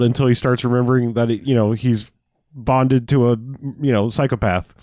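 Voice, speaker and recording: A man's voice: mid-range voice, fairly even intonation, normal speed, a little mellow, no echo, clean studio sound. A man co-hosting a casual podcast, rambling through a movie plot and acting out lines in goofy voices. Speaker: podcast co-host. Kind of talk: casual movie recap chat.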